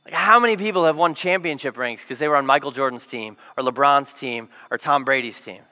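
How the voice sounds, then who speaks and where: A man preaching a sermon to a congregation, telling the story in a lively, jokey way and acting out the quotes. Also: medium pitch, a little fast, long reverb tail. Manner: animated, jokey storytelling with acted quotes and yelled lines. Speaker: pastor.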